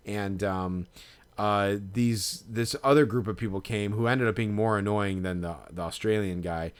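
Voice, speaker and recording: Male podcast co-host, lower voice, loose rambling delivery full of fillers. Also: steady tone, moderate pace, smooth. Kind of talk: casual chat.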